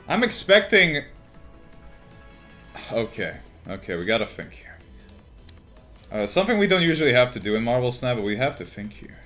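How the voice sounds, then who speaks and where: Medium in pitch, this young gaming YouTuber's card-game commentary lurches between hyped-up shouting and quiet muttered reasoning. He swears casually and laughs a lot.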